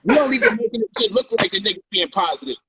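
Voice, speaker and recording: A man casually telling a personal story on a livestream, animated and profane, loudly acting out heated quotes. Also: high voice, rapid-fire, slight background noise, poor audio. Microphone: phone or livestream mic.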